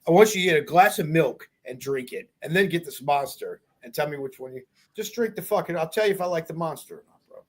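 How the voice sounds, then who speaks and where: A man's voice: a little high, expressive, quick pace, hardly any pauses. A man co-hosting a podcast, talking in casual, sarcastic and profane banter. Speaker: podcast co-host. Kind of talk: casual chat.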